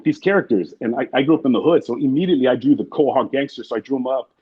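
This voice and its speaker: A man with a mid-range, breathy voice tells stories rapid-fire as an interview guest, rambling and swearing while acting out what people said. The audio is muffled and lo-fi.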